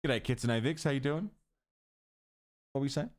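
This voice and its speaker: Lively Australian man streaming. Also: medium pitch, moderate pace. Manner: animated, joking, sweary. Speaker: live streamer. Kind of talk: casual live stream chat.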